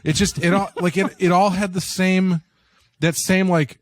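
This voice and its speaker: A man's voice: high-pitched, fairly even intonation, moderate pace, dry recording. Rambling, casual male podcast co-host. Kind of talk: casual review chat.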